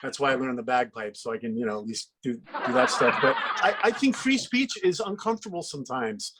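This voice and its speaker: A man's voice: medium pitch, animated, fairly quick, very noisy. A middle-aged man guest on a talk panel, telling earnest anecdotes and opinions.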